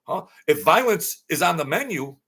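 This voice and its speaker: A man's voice: on the high side, expressive, moderate pace, gravelly, a bit bright, slightly rough. A man delivering a blunt, heated, repetitive ranting monologue as an online commentator.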